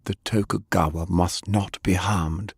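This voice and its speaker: A man voicing a stern, secretive older male elder who speaks in a low, controlled, commanding way. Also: fairly even intonation, a little slow, gravelly, husky, no echo, clean studio sound, exaggerated voice.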